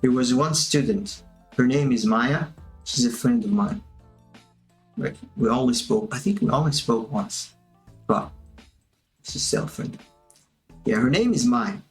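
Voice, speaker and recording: A man's voice: mid-range voice, lively intonation, measured pace, pauses often. A man with a mid-range voice walks viewers through his animation work in a loose, chatty way. He talks to himself as he works, with faint music playing behind him. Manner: casual, chatty, talks to himself while working. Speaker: animation instructor. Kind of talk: livestream tutorial commentary.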